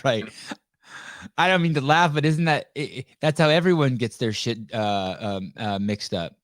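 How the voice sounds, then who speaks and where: A man's voice: medium pitch, expressive, normal speed, a bit bright, no echo, studio quality. A man hosting a live podcast over a video call, talking bluntly and joking with a lot of profanity. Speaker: podcast host.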